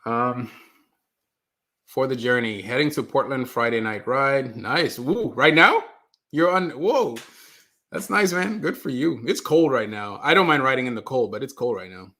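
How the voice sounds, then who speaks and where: A man's voice: mid-range voice, expressive, measured pace, sharp tone. A man hosting a casual live stream from a basement, chatting with viewers, reading their comments aloud and apologizing when the stream freezes. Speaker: livestream host. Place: mother's basement.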